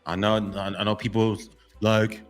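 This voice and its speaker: Low-voiced guy preaching at the guys, blunt and repetitive, cuts off his own swears. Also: little pitch movement, moderate pace, faint music behind. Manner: repetitive, lecturing, keeps addressing "gentlemen"; blunt and exhortative, half-censored swearing. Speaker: men's motivational vlogger. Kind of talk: preachy motivational monologue.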